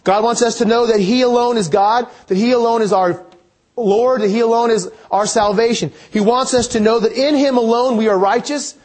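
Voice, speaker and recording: A man preaching a sermon, earnest, asking his listeners questions and reading scripture out slowly. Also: extremely high pitch, fairly even intonation, darkish tone.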